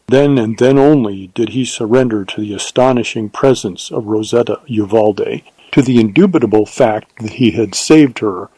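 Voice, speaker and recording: A man narrating a novel in a measured, even storytelling manner. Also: mid-range voice, husky, no room sound, rough recording. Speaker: audiobook narrator. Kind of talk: scripted narration of a western novel.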